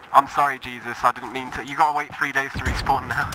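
A man's voice: medium pitch, background noise. A man in a game lobby, rowdily mocking and teasing other players. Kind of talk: casual gaming banter. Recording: game gunfire behind voice.

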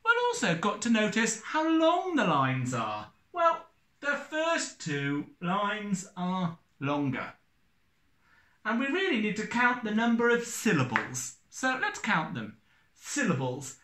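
A male teacher talks slowly, pitch rising and falling as he counts out beats and syllables. His voice is bright. The room around him echoes. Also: huge pitch swings. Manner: slow, sing-song, counting out syllables and beats. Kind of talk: recorded classroom lesson.

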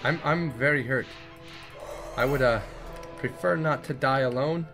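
A man commenting on his gameplay, jumpy and excitable, yelping and making sound effects in fights. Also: medium pitch, measured pace, music in the background. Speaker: let's play gamer.

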